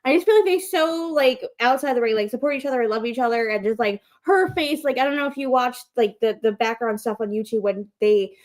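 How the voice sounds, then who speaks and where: Gushing high-voiced woman co-host. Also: brisk, hardly any pauses. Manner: gushing, animated storytelling with many fillers. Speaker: podcast co-host. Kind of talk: casual chat.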